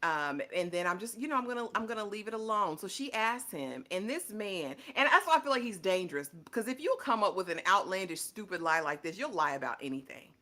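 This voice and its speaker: Bright-voiced woman recapping with sass. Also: mid-range voice, sing-song, fast talker, hardly any pauses. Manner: sassy, dramatic storytelling with quoted asides. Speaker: podcast co-host. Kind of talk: casual reality TV recap chat.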